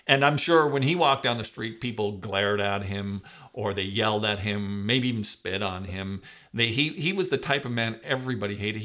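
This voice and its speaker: Emphatic male preacher, loud-soft swings. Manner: emphatic, swings between loud stresses and soft, low asides. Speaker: pastor. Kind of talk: sermon.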